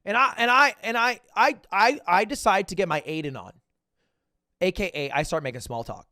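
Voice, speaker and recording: Animated young man telling a story. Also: moderate pace, dry recording, clean studio sound. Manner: animated, swings between loud bursts and low asides; acts out quoted dialogue. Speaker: livestreamer. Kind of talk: casual storytelling to chat.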